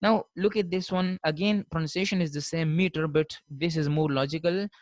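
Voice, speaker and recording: Guy teaching a spelling class, kinda high voice, dry close mic, says fine a lot. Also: steady tone, a little mellow, no echo, rough recording. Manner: repeats "fine" and "uh" often, explains slowly with spelled-out letters. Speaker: linguistics lecturer. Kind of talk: classroom lecture.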